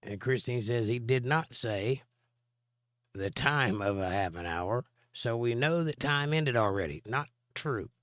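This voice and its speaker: Hoarse man hosting a live stream. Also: medium pitch, animated, a little slow, a bit bright, no echo, clean studio sound. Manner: reads viewer comments aloud, then explains at length. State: hoarse from laryngitis. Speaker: live-stream host answering chat. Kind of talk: casual live-stream chat and Bible teaching.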